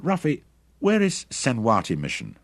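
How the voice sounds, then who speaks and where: A man's voice: medium pitch, huge pitch swings, moderate pace, dry recording, pitched above the performer's own voice. A man voicing a tough mercenary commander who gives curt, commanding orders.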